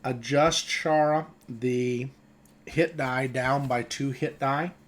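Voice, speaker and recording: Slow and medium-pitched, a man leads a tabletop RPG as game master, laid-back as he voices the scenes and reads rules aloud, often chuckling along the way.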